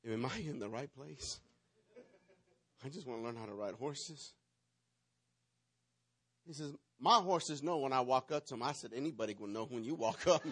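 A man preaching a sermon, telling a playful, dramatic story and acting out the parts. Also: mid-range voice. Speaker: pastor.

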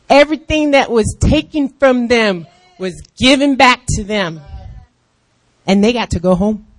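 A woman in her fifties preaching a lively sermon, acting out the voices of other people and calling out in excitement. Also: mid-range voice, dry recording. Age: 50s. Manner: animated, acts out voices of others, shouts in excitement.

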